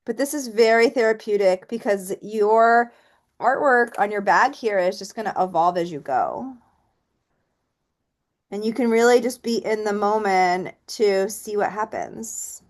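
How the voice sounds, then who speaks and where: A woman teaching a relaxed painting tutorial, chatting and thinking aloud as she works and counting softly while she stamps. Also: medium pitch, a little slow. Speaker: painting instructor. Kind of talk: relaxed step-by-step art tutorial.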